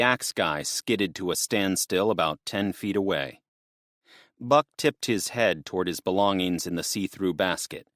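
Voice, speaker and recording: A man with a low voice narrates an audiobook, keeping a steady, measured storytelling rhythm. The studio-quality recording has no room sound.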